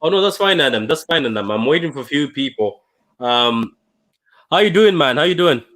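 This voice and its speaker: A young man hosting a fan livestream after a painful defeat, talking in a dejected, halting way with many repeats and restarts. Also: on the high side, animated, fairly bright tone. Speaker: fan channel livestream host. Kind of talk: emotional post-match fan livestream.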